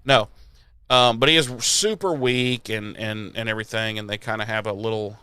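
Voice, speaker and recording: A man's voice: fairly low pitch, normal speed, pushed and bright, clean tone. A man hosting a podcast, recapping an episode in a casual, jokey, sweary way. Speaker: podcast host.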